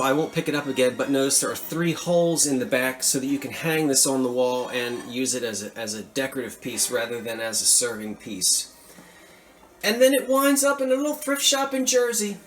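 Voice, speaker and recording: A man enthusiastically showing off antique finds from a thrift haul in a chatty, casual vlog. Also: mid-range voice. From Philadelphia area. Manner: animated, enthusiastic, chatty asides. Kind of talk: casual show-and-tell vlog.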